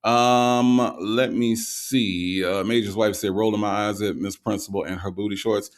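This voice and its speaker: A man hosting a livestream, reading out viewer comments and greeting each viewer in a relaxed, casual way with lots of ums, a little tired from the night before. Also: lowish voice, unhurried. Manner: relaxed, greets viewers with repeated hellos, frequent ums and uhs.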